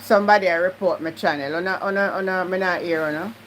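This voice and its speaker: A woman's voice: on the low side, steady tone, quick pace, a bit bright, a little hiss or hum, rough recording. Jamaican woman chatting on a live stream. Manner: slips into patois, talks straight to viewers. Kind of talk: casual live-stream chat.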